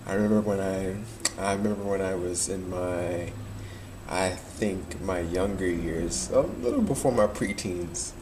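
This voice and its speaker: A man's voice: deep voice, a little slow, background noise. Laid-back New guy rambling. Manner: nostalgic, rambling, laughs often. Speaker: vlogger. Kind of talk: casual chat to camera.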